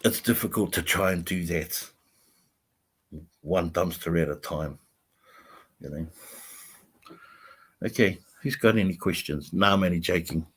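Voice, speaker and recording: A man's voice: low-pitched, unhurried, pauses often, a bit bright, breathy edge. Chatty man rambling on a livestream. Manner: rambling, chatty, laughs often. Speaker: vlogger host. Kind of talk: livestream chat reading comments.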